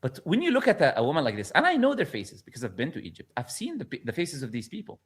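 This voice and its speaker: A man whose first language is Arabic delivers preachy video commentary, pressing his point with rhetorical questions. His voice is husky and of middling pitch, and it rises and falls a lot as he insists. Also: huge pitch swings, fast. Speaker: religious commentator.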